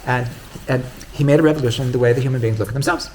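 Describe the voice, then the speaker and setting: A man's voice: mid-range voice, rapid-fire, darkish tone, a little hiss or hum. A man, a rabbi, giving an informal Torah class in a conversational way. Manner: conversational, retells stories with quoted dialogue.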